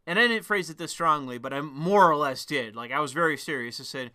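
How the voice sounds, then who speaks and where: A man's voice: on the high side, moderate pace, bright, forceful tone. A man venting in a heated, profane rant to his viewers. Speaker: vlogger. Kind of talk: ranting monologue to camera.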